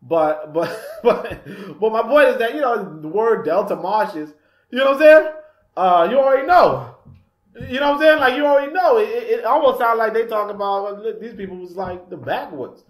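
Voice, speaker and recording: A man's voice: very high-pitched, expressive, normal speed. A male radio host and author in a casual talk-radio monologue. He rambles, laughs often and fills with "you know". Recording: echoey room.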